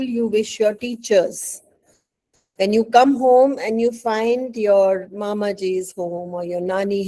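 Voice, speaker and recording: A woman's voice: mid-range voice, warm tone, rough recording. A woman teacher with an Indian English accent giving an online English lesson. She is patient and coaxing, and she often checks in with "right?".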